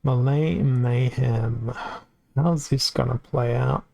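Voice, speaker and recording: A man's voice: medium pitch, fairly even intonation, slow, creaky, a little mellow. A man with an Australian accent giving casual live-stream commentary on a card game, chatty and reacting aloud as it plays out.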